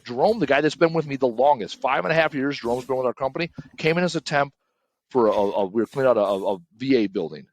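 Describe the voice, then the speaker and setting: A man's voice: medium pitch, lively intonation, quick pace. A man talking casually as a podcast guest, blunt and emphatic, swearing and tagging lines with "right?".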